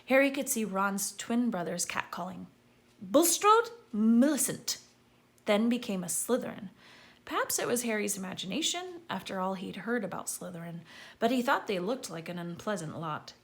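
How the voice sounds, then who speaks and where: A woman's voice: mid-range voice, fairly quick, creaky. A woman reading a children's story aloud, calling out names with gusto. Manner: lively, calling out names loudly. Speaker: audiobook reader.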